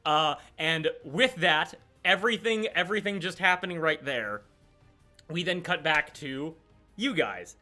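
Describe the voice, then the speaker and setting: A young man narrates a tabletop game as its game master. His voice is bright and forceful and sits somewhat high for a man. He narrates with animation but keeps stumbling through fillers and restarts. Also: lively intonation, a little slow, soft background music.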